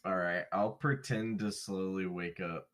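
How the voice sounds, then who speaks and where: A man takes part in a tabletop game, talking hesitantly with lots of fillers and dropping deadpan jokes. His voice is fairly low. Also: a little slow. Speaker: player. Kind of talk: casual tabletop play.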